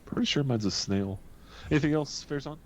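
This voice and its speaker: A man running a tabletop game as game master, laid-back and animated as he narrates and makes rulings. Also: medium pitch, fast.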